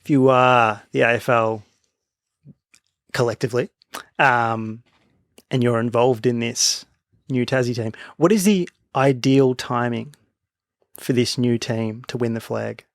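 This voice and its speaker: Dry-voiced Australian podcast host. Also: male voice, medium pitch, unhurried, long pauses, no room sound. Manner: jokey, leads with questions, many fillers. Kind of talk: casual chat.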